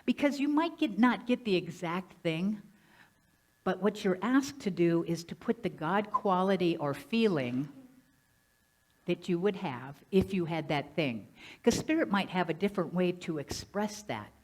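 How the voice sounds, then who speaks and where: A woman minister preaches in a lively, conversational way, pitched a little low for a woman. She often turns to the congregation with questions, and her voice swings up and down in loudness as she goes. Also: measured pace. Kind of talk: sermon. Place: church sanctuary.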